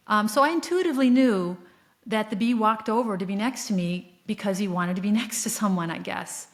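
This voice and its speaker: A woman hosting her own podcast, telling a personal story in an earnest, reflective way, with soft laughs and frequent fillers. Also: mid-range voice, a little fast. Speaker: podcast host. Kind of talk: solo spiritual podcast storytelling.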